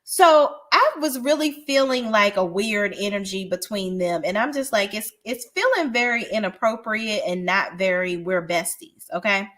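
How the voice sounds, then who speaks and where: A woman's voice: medium pitch, expressive, moderate pace, few pauses, a bit bright. A woman giving a casual, blunt and profane recap of a reality show, often restarting her sentences as she talks. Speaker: reality TV reviewer.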